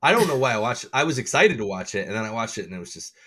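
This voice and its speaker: A man's voice: medium pitch, big pitch swings, very fast, a bit bright, breathy edge. A man co-hosting a podcast in casual chat, telling rambling stories and chuckling often. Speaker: podcast co-host.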